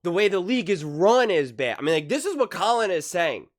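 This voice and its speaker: Heated male sports commentator, higher-pitched, ranting, repeats points. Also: big pitch swings, a little fast. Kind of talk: reaction commentary.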